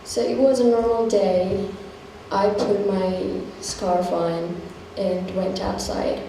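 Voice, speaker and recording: A woman telling her own story in an earnest, measured way as a scripted stage testimony, recorded from a distance in an echoey hall. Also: mid-range voice, steady tone, mellow. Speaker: performer sharing a personal story. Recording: echoey hall, distant mic, faint noise.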